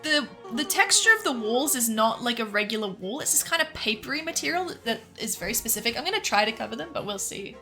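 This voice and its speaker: A woman game streamer chatting casually with her viewers in a relaxed, easily laughing way. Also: on the high side, quick pace, few pauses, soft background music. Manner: relaxed, laughing, talks back to chat.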